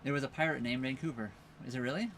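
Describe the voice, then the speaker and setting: A man's voice: mid-range voice, fast talker, fairly bright tone, a little hiss or hum. A man hosting a casual livestream from his sailboat at a marina, rambling easily and reading viewer comments aloud. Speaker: live stream host. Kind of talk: casual live stream chat.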